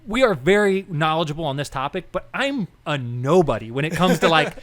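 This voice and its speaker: A young man co-hosting a casual podcast, his voice sitting a little high for a man. He rambles and restarts as he goes, and he acts out the people in his stories with lively quoted dialogue. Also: fairly quick. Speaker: podcast co-host. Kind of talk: casual political chat.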